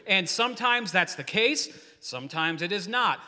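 A man's voice: sits high, a little fast, hardly any pauses. A man in his forties, a youth pastor, preaching a casual, joking sermon to his church and leading the crowd in call-and-response. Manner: joking, energetic, rambling storyteller. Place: church hall. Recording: long hall reverb.

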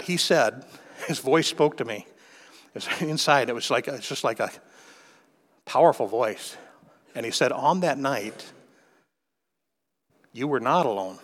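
A male preacher delivers a sermon with a plain, mid-pitched voice. He moves from quiet personal testimony to fervent exhortation. His words ring out with a long reverb, as if spoken in a large church.

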